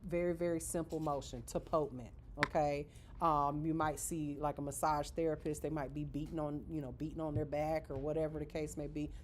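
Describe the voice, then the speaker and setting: Here a nail school instructor runs a live manicuring class for beginners, talking briskly in a low voice with little pitch movement. She's chatty and casual, demonstrating with her hands and asking "okay?" after nearly each point, over slight background noise.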